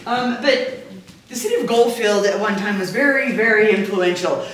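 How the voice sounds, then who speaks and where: A woman's voice: medium pitch, moderate pace. Woman tour guide, chatty, filler-heavy, echoey empty rooms, faint background noise. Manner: chatty storyteller, many fillers, laughs easily. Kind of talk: casual guided tour talk. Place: inside an old abandoned hotel.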